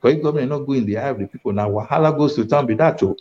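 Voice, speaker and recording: A Nigerian man tells his stories as an interview guest, slipping into the voices of the people he quotes. His delivery is lively and digressive. The recording is dull and muffled. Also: medium pitch, very fast. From Edo State, Nigeria. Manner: animated storyteller, acts out quoted speech. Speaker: interview guest, former state information official. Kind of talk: storytelling in Nigerian Pidgin.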